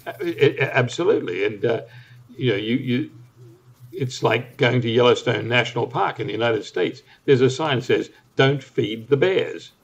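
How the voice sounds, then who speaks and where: An older man with an Australian accent giving measured analysis as an interview guest, talking deliberately with some restarts. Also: medium pitch. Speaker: guest commentator. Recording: muffled lo-fi audio.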